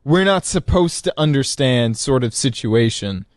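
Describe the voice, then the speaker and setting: A man's voice: mid-range voice, animated, measured pace, dry recording, clean studio sound. A man co-hosting a casual comedy commentary on a video, riffing and joking. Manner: jokey, giggly, riffing. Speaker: co-host.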